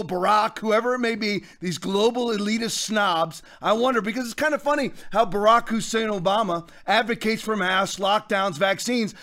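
A man hosting a political commentary podcast, fiery and preacher-like, often breaking into shouts. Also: high voice. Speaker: podcast host.

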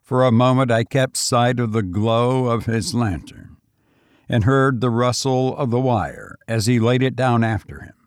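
A man narrating a gothic horror tale in a slow, grave, measured reading. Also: mid-range voice, smooth, dry recording, clean studio sound.

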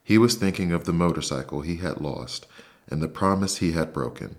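A man with a deep, low voice reads a bedtime story aloud. His narration is soft, slow and soothing. He speaks as a calm podcast host.

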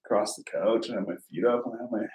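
A man's voice: fairly low pitch, very fast, a little mellow. Man telling stories loosely, roomy sound. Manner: rambling, heavy swearing, lots of fillers. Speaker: storyteller. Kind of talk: casual chat. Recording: roomy echo.

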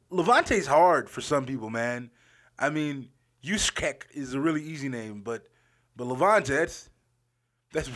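A man's voice: medium pitch, a bit bright. A young man hosting his own podcast, telling a story in a casual, rambling way, repeating phrases and laughing often. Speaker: podcast host.

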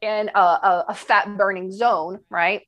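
A woman's voice: medium pitch, fairly even intonation, unhurried, fairly bright tone. A woman nutrition coach speaking in a podcast interview, enthusiastic and emphatic, repeating her key phrases for effect.

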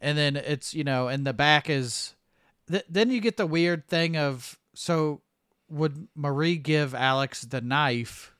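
A man's voice: fairly high pitch, takes it slowly, a bit bright, clean tone, no room sound, clean studio sound. A man co-hosting a podcast, talking casually about a film, hesitant with many ums and restarts. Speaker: podcast co-host. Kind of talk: casual movie discussion.

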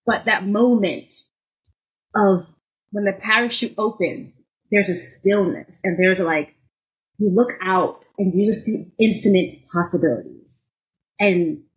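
Woman, podcast co-host, casual storytelling, expressive, lots of "like", mid pitch. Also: a little slow, rough recording. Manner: expressive, acts out moments with sudden loud high bursts; frequent filler "like".

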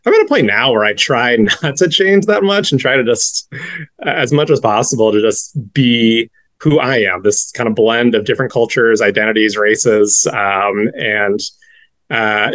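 A man in his thirties from the northeastern United States speaks as an interview guest. He talks in a reflective, measured way, often pausing on soft fillers, at a middling pitch. The recording is close and dry. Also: dry recording. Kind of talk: conversational interview.

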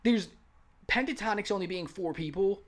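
A man co-hosting a podcast who argues in an animated, playful way. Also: high-pitched, normal speed. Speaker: podcast co-host. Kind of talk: casual chat.

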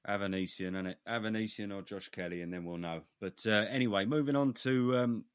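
Low dry-sounding man. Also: fairly quick, clear, resonant tone, no room sound. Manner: steers the topics, firm opinions. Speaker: podcast co-host. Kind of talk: casual boxing chat.

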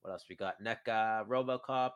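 A man's voice: fairly low pitch, moderate pace, smooth, muffled recording. A man co-hosting a podcast in casual chat, rambling from point to point with chuckles in between. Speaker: podcast co-host.

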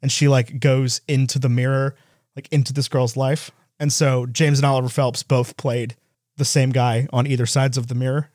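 A man in casual movie chat, animated, with quick asides and voices when he retells scenes. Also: mid-range voice, no room sound, clean studio sound.

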